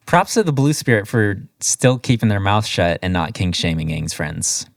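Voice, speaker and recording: A man's voice: fairly low pitch, slow, gravelly, no echo. Wry man podcast co-host, dry close sound. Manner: wry, deadpan asides, mock voices. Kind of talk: casual recap chat.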